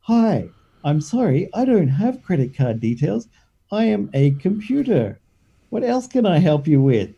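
A man's voice: sits high, sing-song, a little slow, creaky, mellow, breathy edge, muffled recording, voice pushed up, heavily acted. A man imitating a polite female voice assistant with stiff, mechanical phrasing. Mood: flat.

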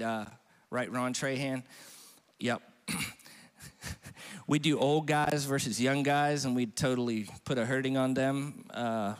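A middle-aged male pastor preaching a humorous, conversational sermon, teasing himself and chatting with the congregation. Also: mid-range voice. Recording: long reverb of a large hall.

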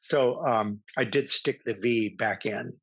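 Middle-aged male guest, animated anecdotal storyteller, dry recording. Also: mid-range voice, a little slow, vocal fry, slightly rough, no echo. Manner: animated, self-amused anecdotes. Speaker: actor, podcast guest. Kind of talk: casual interview storytelling.

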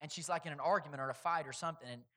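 A man preaching a sermon as pastor, swinging between loud, stressed points and quiet, hushed storytelling. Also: a little high, rapid-fire.

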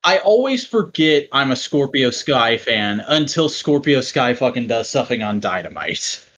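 A man co-hosting a podcast in casual chat, excitable and swearing freely. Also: medium pitch, normal speed. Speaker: podcast co-host.

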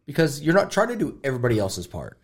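A man's voice: mid-range voice, wildly swooping pitch, quick pace. A man co-hosting a sports podcast, recounting a football game play by play in casual chat. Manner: conversational, recounts game plays.

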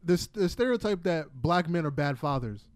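A man who makes calm, earnest remarks as a guest in a casual podcast chat. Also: fairly high pitch, normal speed, no echo.

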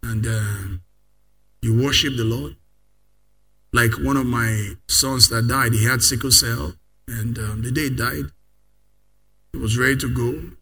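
A man preaching a sermon, leading the congregation in call-and-response and rising to loud declarations. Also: mid-range voice, fairly even intonation, a little slow, long pauses, husky.

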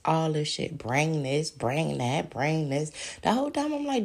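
Gravelly, animated woman ranting. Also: low voice, a little slow. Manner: profane, animated, rhetorical questions. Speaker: podcast host. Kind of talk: heated monologue rant.

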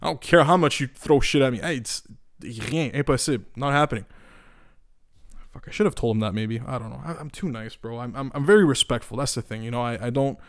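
Profane ranting man, smooth dry voice. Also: medium pitch, fairly quick, dry recording. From Eastern Europe. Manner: profane, animated, many restarts and filler words. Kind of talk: casual rant.

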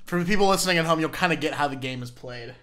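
A man's voice: fairly high pitch, rapid-fire, sharp tone. A young man chatting casually as a podcast co-host, blunt and teasing with plenty of swearing. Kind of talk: casual chat. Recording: roomy echo.

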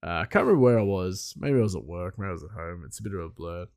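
A man's voice: low voice, lively intonation, quick pace, darkish tone. A man hosting a solo podcast in loose, rambling casual chat with frequent chuckles. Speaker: podcast host.

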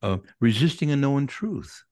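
A man's voice: mid-range voice, animated, a little slow, a little mellow. A middle-aged man, a Catholic priest, talking through ideas on a podcast and acting out imagined inner voices to explain them. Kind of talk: casual podcast discussion on faith.

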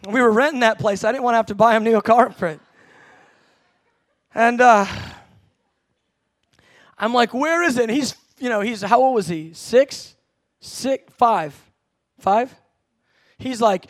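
High-voiced male preacher, dry close sound. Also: a little slow, long pauses, no room sound. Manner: animated storytelling with shouted acted quotes and laughter. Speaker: pastor. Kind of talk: sermon.

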